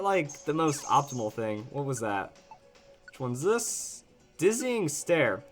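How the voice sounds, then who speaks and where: Animated young-sounding man playing a game. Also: on the high side. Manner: animated, chatty, jokey. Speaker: let's play host. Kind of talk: casual gameplay commentary.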